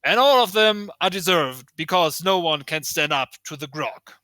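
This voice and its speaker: A man's voice: a little high, lively intonation, moderate pace, bright, forceful tone, dry recording, clean studio sound, voice pushed up. A man voicing a boastful, muscled half-orc wrestler who talks about himself in the third person.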